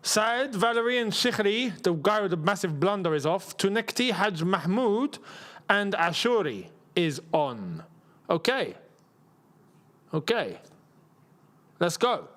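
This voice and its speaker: Lively, laughing young man. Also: high voice, takes it slowly, long pauses. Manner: chatty, laughs often, slangy London banter. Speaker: football watchalong host. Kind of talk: casual live match commentary and chat.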